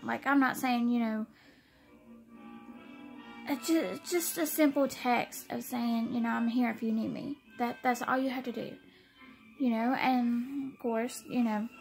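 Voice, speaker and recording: A young woman, talking in a halting, tearful personal vlog, close to tears and often repeating herself. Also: a little high, vocal fry, rough recording. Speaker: vlogger.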